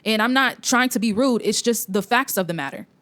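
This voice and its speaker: A woman's voice: fairly high pitch, expressive, a little fast, fairly bright tone. A young woman hosting an opinion commentary vlog, talking in a preachy, blunt way with lots of fillers and restarts. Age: young adult. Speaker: commentary host.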